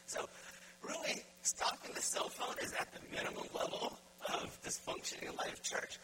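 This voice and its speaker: A man preaching a sermon as pastor, putting direct, repeated questions to his congregation. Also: moderate pace. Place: church. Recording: loud background noise.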